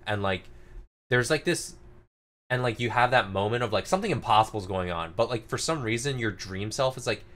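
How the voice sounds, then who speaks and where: A man with a lowish, bright voice talks casually on a podcast about comics. His speech rambles and is full of "like" fillers. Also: animated, brisk. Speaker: podcast co-host. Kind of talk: casual manga review chat.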